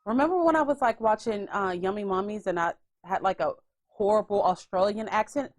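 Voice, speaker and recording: A woman hosting a podcast in casual chat, animated and swearing freely. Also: mid-range voice, brisk. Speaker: podcast host.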